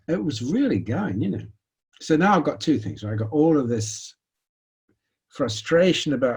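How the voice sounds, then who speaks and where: Husky man, mid pitch, conversational lecturer telling a story. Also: moderate pace. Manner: conversational, animated storytelling with restarts.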